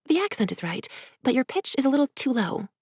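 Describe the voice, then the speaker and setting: A woman voicing a playful young female courtesan spy in a storybook reading, with a high coaxing lilt. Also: very animated, quick pace, a little mellow, slightly rough, no room sound, studio quality, exaggerated voice.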